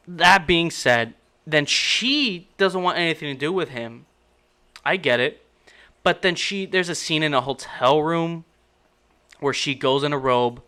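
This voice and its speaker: A man's voice: a little high, bright, forceful tone. A man giving a casual, exasperated movie critique, rambling and incredulous with many restarts. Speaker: movie reviewer.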